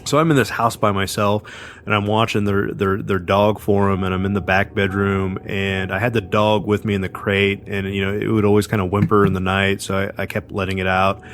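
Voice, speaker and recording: Low-voiced man telling a rambling story. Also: little pitch movement, fairly quick, a bit bright, slight background noise. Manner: rambling, many fillers and restarts. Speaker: podcast co-host. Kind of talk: casual storytelling.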